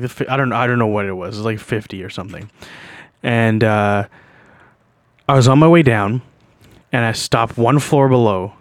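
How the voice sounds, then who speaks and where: A man's voice: mid-range voice, no echo, studio quality. Rambling, foul-mouthed young man. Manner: rambling, profane, laughs while telling. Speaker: podcast host. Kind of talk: casual storytelling monologue.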